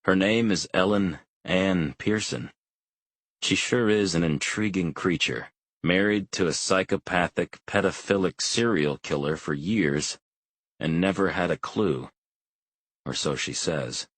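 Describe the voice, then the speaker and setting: A man reading a thriller audiobook in calm, measured first-person narration. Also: low voice, no echo. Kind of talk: scripted narration.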